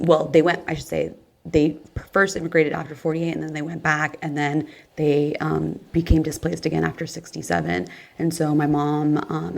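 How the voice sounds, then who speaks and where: A woman with a Californian accent, co-hosting a podcast in casual chat, relaxed and full of "um" and "like.". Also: sits low, creaky. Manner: relaxed, fond of "like" and "um". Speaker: podcast co-host.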